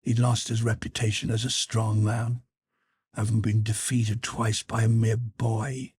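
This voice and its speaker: A man narrating a classic story collection in a measured, even storytelling manner. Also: fairly low pitch, breathy edge, no echo. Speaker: audiobook narrator. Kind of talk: scripted narration.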